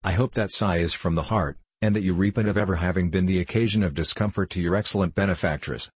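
A man's voice: low-pitched, fast talker, husky, no room sound. A man voicing a stern, severe clergyman who questions a child solemnly in a storybook reading. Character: stern severe male clergyman, tall and grim.

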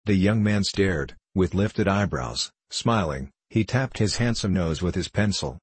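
A man reading a classic novel aloud in a measured, unhurried way, with a husky voice. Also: low voice, animated, no echo. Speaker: audiobook reader.

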